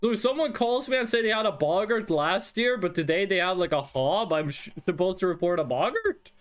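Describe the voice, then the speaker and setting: A streamer giving live game commentary, thinking aloud and swearing in an animated way. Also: medium pitch, a little fast.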